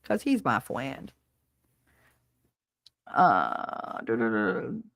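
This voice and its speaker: Her bass voice is very slow, with big pitch swings, vocal fry and a slightly bright quality, captured dry on a desk mic on a standing arm. She's a mother of a son who streams and hosts a podcast, bantering bluntly with live chat while swearing often and laughing a lot.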